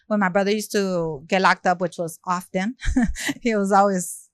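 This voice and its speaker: A rapper from South Central Los Angeles speaks a little slowly in a middle pitch as she shares a story in a relaxed interview. She's lively, acting out each quoted line and peppering her speech with "like" and "you know." The recording is close and dry, with no echo.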